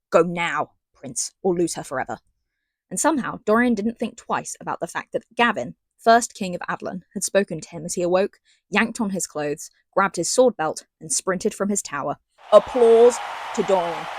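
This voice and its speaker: A woman with a medium-pitched voice gives a casual book review full of sarcasm, rants and slangy asides, reading passages aloud in between. There is no echo.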